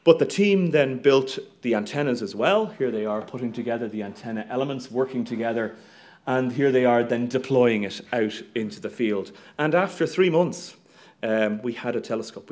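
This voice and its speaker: A middle-aged Irish man, an astronomy professor, giving a lively, humorous public talk with slides and plenty of ums and uhs. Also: medium pitch. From Ireland.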